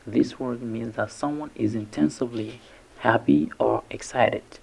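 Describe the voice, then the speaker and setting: A man teaching English vocabulary, breaking each word into syllables slowly and carefully. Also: mid-range voice, gravelly, darkish tone, husky, low-quality recording. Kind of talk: vocabulary lesson narration.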